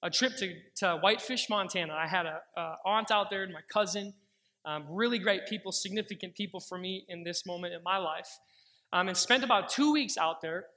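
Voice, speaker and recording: A young male pastor with a high, bright voice preaches a sermon built around personal testimony. He's earnest and slows down when quoting prayers.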